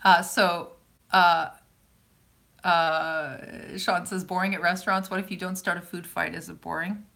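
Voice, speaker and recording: A woman with a Canadian accent from Calgary, chatting loosely with her viewers. Her voice sits a little low but sounds bright and forceful. She rambles, breaks off, and restarts her sentences as she answers comments. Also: level tone, a little slow, creaky. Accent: Canadian, Calgary Alberta. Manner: rambling, self-interrupting, chatty. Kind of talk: casual live chat.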